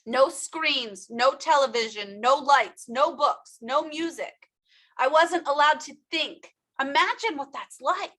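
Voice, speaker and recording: Female motivational speaker, high and bright, emphatic, addresses the audience directly. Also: takes it slowly. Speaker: workshop speaker. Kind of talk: motivational personal story talk.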